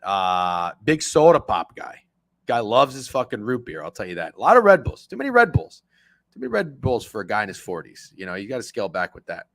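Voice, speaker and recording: A man's voice: on the low side, sing-song, fairly quick, no room sound. Casual man hosting a betting stream, profane and rambling, dry close mic. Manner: loose, profane, chatty, reads chat aloud. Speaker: sports betting show host. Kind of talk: casual livestream chat with viewers.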